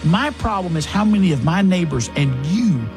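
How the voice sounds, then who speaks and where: A man's voice: sits high, animated, normal speed, over music. A male radio talk show host delivering an emphatic monologue full of rhetorical questions into a studio mic.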